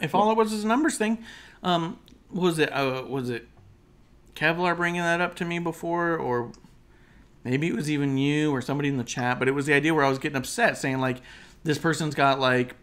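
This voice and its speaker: A man's voice: mid-range voice, a bit bright. A man co-hosting a casual wrestling talk show over an online call, emphatic and opinionated, rambling with fillers. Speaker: podcast co-host.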